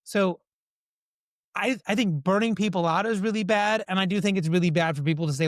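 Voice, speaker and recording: A man answering interview questions in a lively storytelling way, often slipping into quoted dialogue. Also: high-pitched, a little fast, dry recording, studio quality. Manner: animated storyteller who acts out quoted dialogue. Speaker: guest.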